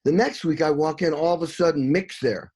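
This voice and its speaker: An excitable middle-aged man with a husky, slightly raised voice tells studio war stories in a rush. He swears freely and sings out drum patterns as he goes. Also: fairly high pitch, fairly quick. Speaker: session drummer, interview guest. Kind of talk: animated storytelling in an interview.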